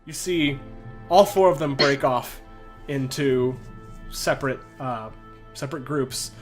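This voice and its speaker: A man's voice: mid-range voice, slow pace. A man narrating as dungeon master for a tabletop game, casual and full of fillers. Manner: casual, many fillers, self-interrupting. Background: background music.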